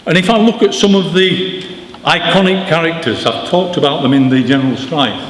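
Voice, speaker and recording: A man giving an animated, informal talk to an audience at a book launch, telling stories with emphatic asides. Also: a little high, normal speed. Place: church hall. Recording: echoey church with long reverb, faint noise.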